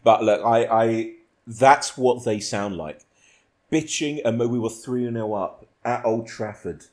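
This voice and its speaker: A man's voice: mid-range voice, slow pace, darkish tone. A man hosting a casual podcast, telling rambling stories and laughing often. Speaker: podcast host.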